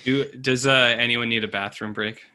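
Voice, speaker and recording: A man's voice: medium pitch, steady tone, moderate pace, sharp tone. An Australian man co-hosting a movie podcast, joking crudely in casual chat. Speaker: podcast co-host.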